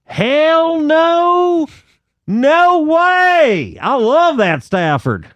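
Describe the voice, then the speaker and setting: A man doing an excitable Dallas driver. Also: extremely high pitch, extremely slow, no echo, dull audio, pitched above the performer's own voice, heavily acted. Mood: gushing. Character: chatty male Dallas rideshare driver, excitable.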